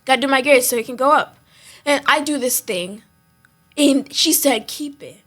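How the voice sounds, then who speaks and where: A woman's voice: sits high, moderate pace, a bit bright. A young woman chatting on a podcast, telling school stories dramatically and laughing through her words. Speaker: podcast host. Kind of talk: casual chat.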